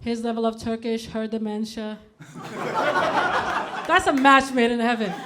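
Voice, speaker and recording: A woman in her thirties from Denmark performing a stand-up comedy set in a club, with deadpan punchlines and animated put-on quotes. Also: fairly high pitch, unhurried, very noisy. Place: comedy club stage before a live audience. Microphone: handheld stage microphone. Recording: live club recording, audience laughter clearly heard.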